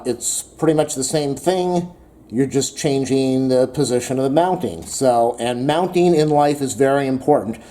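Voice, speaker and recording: A man with a mellow, darker-toned voice walks through a do-it-yourself how-to in a loose, rambling way. He leans on fillers as he goes, and his pitch sits in an ordinary middle range. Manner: casual, rambling, with frequent fillers. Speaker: DIY video host. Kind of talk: home improvement how-to.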